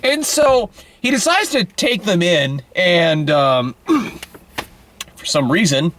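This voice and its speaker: A man's voice: sits high, sing-song, takes it slowly, fairly bright tone, slight background noise. Emphatic young man riffing on a movie. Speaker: movie reviewer. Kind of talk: casual review chat.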